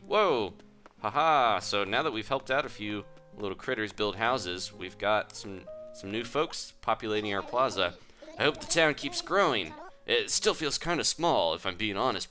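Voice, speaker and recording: A man giving casual, playful commentary over a life-sim game, with soft game music behind. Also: on the low side, animated, moderate pace. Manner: playful, reads game dialogue aloud. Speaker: gaming video host.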